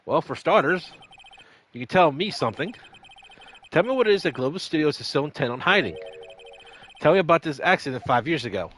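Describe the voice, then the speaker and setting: Player reading game lines, mid pitch, voice bounces around a lot, dry jokes in between. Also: big pitch swings, a little fast, pauses often, fairly bright tone, a little hiss or hum, rough recording. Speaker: gameplay co-host reading lines. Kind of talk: reading game dialogue with joking asides.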